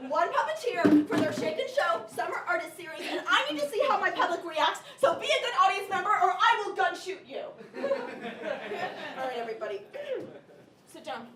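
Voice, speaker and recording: A woman playing a manic, high-voiced bank robber. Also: big pitch swings, normal speed, echoey room, distant mic, a crowd in the background. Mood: bossy. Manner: bossy, needy, lurching between threats and politeness. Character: unhinged woman bank robber staging a puppet show. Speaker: comedian in a solo character show. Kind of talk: live stage comedy performance. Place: theatre stage with a laughing audience.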